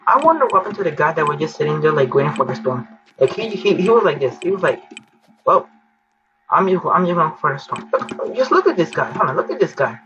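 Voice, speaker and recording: A man's voice: a little high, fast talker, poor audio. Teen boy, gameplay commentator, panicky and chatty, music under the voice. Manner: excitable, panicky, pleading. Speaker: gaming YouTuber.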